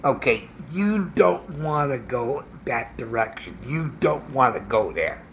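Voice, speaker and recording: Man vlogger, indignant rant, slow and halting, pitch swinging up and down. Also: big pitch swings, a little hiss or hum. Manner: indignant, halting with fillers and restarts. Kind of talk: opinion rant to camera.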